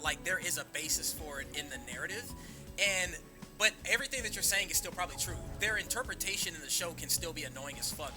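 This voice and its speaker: Animated high-voiced man chatting. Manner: animated, swears freely. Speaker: streamer. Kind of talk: casual chat.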